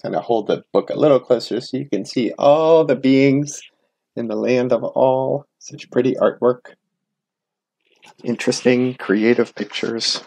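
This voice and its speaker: A man serving as guest minister, telling a story for all ages during a worship service and making warm, animated asides to the children. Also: medium pitch, measured pace, vocal fry.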